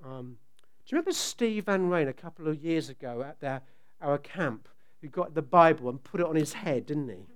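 A man's voice: fairly high pitch, animated, moderate pace, clear, resonant tone. A middle-aged man preaching a conversational sermon, joking with the congregation and asking them questions. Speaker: pastor.

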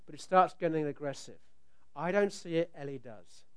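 Animated middle-aged man preaching. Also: a little high, normal speed, clean tone. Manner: animated storytelling, rising to loud outbursts when acting out scenes. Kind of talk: sermon.

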